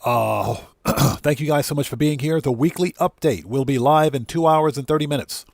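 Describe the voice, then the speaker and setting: A man's voice: medium pitch, normal speed, gravelly, darkish tone, no echo, studio quality. A man from the United States hosting a game livestream with no face cam, greeting chat viewers one by one, heartfelt and casual, talking into a desk mic. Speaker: livestream host.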